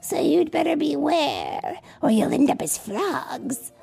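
A shrill boastful witch, as a woman puts her on. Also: very animated, slow, gravelly, full character voice. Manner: loud and boastful. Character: shrill nasty storybook witch.

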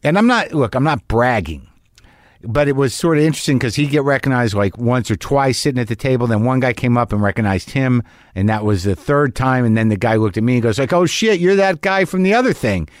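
A man's voice: mid-range voice, animated, a little fast, dry recording, clean studio sound. A man hosting a podcast, rambling casually with many restarts and fillers. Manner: rambling, self-interrupting, laughs often. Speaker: podcast host. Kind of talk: casual chat.

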